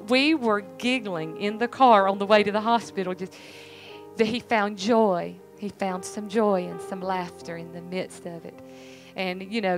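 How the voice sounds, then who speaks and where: A woman's voice: mid-range voice, rough recording. A middle-aged woman giving an earnest, emphatic church testimony, repeating herself for weight. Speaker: church speaker, pastor's family.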